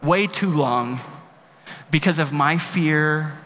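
A male pastor delivers a sermon in a large hall with a long, ringing reverb and faint noise behind him. His voice sits a little high for a man, and he builds from measured reflection to emphatic, impassioned peaks. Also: fairly bright tone. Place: large room.

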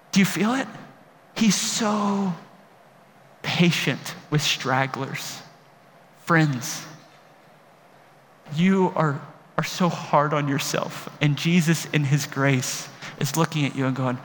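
A man preaching a sermon as pastor, impassioned, moving between quiet reflection and emphatic calls. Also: sits high, unhurried. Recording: long hall reverb, faint room noise.

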